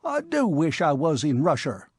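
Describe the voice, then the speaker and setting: A man's voice: on the high side, wildly swooping pitch, moderate pace, slightly rough, dry recording, clean studio sound, full character voice. A man voicing a shriveled, grumbling old male cabman in a storybook reading. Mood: gloomy. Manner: gloomy, grumbling.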